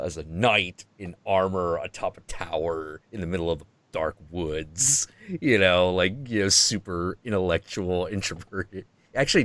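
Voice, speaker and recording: A man hosts a stream, chatting casually and rambling through ideas, sometimes acting out voices when quoting. His voice sits low with a fairly bright tone, recorded dry.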